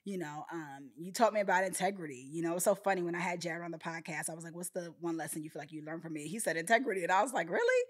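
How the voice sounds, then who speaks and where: A young woman hosting a casual podcast conversation, playful, laughing often, with animated asides. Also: on the low side, very fast, hardly any pauses. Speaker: podcast host.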